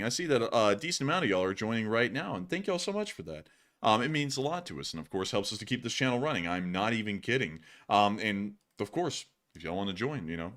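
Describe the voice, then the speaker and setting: A man's voice: fairly low pitch, sing-song, fast talker, a bit bright. A young man hosting a news livestream, talking in a loose, rambling way and laughing easily. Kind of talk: casual livestream chat.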